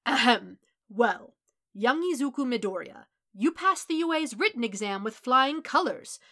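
A woman reading fan fiction aloud, voicing a booming, hammy adult male superhero in a recorded message. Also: expressive, a little slow. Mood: boisterous. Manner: loud, theatrical, hammy declarations.

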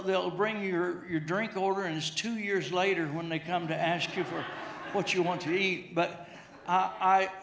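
Humorous storytelling preacher in an echoey church. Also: male voice, high voice, creaky, fairly bright tone. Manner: storytelling with humor, repeats himself. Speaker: pastor. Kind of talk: sermon. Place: church sanctuary.

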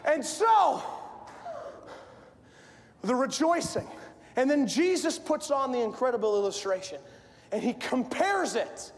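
Male pastor, animated shouting preacher, gravelly, long church reverb. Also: very high voice, slow pace, long pauses, a little hiss or hum. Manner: animated, often shouting storyteller. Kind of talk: sermon. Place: church sanctuary. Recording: echoey church hall.

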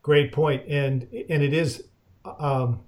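A man's voice: fairly high pitch, fairly even intonation, slow, darkish tone. A man hosting a podcast in casual chat, rambling and chatty. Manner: rambling, chatty, many fillers. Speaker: podcast host.

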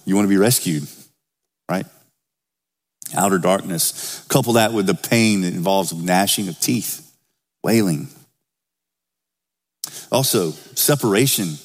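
A man's voice: low-pitched, unhurried, long pauses, big-room sound. A man preaching a sermon as pastor, talking to the congregation in a conversational way and lifting his voice when he reads scripture. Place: church sanctuary.

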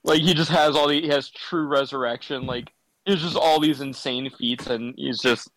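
A man chatting as a player on a podcast, amused and a little halting. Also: medium pitch, fairly even intonation, a bit bright, rough recording. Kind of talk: casual chat.

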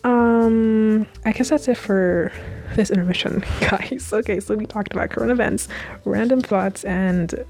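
With a medium-pitched, slightly mellow voice that runs a little slow, a young podcast host recaps a TV series. She chats casually on a home mic, rambling and gushing with many fillers.

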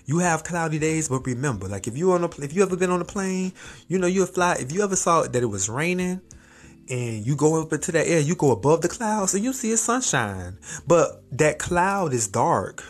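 A man hosting a podcast, talking casually and encouragingly straight to the listener in an expressive motivational monologue, his pitch jumping up as he gets animated. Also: a little fast. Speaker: podcast host.

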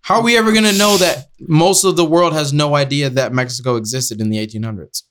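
A man's voice: on the high side, fast, fairly bright tone, slight background noise. A man hosting a podcast, rambling through goofy tangents in casual, jokey banter. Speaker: podcast host.

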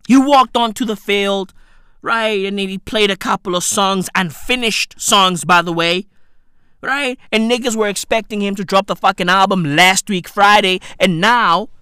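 A woman's voice: a little high, fairly bright tone, no echo, clean studio sound. A woman hosting a show, ranting with heavy swearing, exasperated and stammering through restarts. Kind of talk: profane comedic rant.

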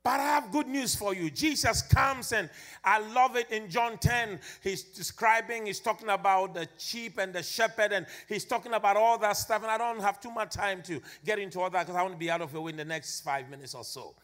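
Male preacher, very high voice, fervent sing-song delivery, sermon to a gathering. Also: fairly quick, a bit bright. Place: church gathering.

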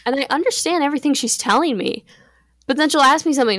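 Teenage girl in relaxed chat. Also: high voice, quick pace, no room sound. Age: teens. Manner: relaxed, chatty, laughs often. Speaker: podcast co-host. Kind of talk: casual chat.

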